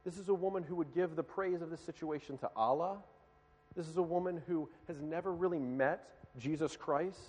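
Male preacher, slightly high voice, dramatic storyteller with loud-to-hushed swings, big reverberant hall. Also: normal speed, slightly rough. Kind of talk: sermon storytelling.

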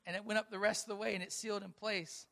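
A man's voice: high-pitched, quick pace, creaky. A pastor preaching a sermon, telling a personal story with acted-out dialogue and making earnest appeals to his listeners. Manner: animated storytelling, acting out quoted dialogue.

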